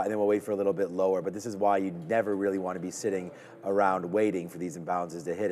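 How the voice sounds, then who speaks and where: Deep-voiced man calling live trades. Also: darkish tone, long reverb tail. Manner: chatty, upbeat, thinking aloud while trading. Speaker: stock trading livestream host. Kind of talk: live market commentary.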